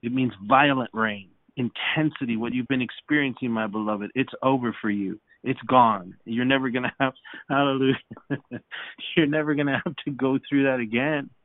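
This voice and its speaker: A man's voice: medium pitch, normal speed, no echo. A man leading a podcast Bible study, preaching fervently with frequent hallelujahs and restarts. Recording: dry, phone-like sound.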